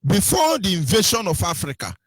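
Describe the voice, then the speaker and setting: A man's voice: high-pitched, huge pitch swings, brisk, slightly rough, no room sound. A Nigerian man hosting a radio talk, preaching about culture and slipping into pidgin and sing-song mimicry. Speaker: radio host.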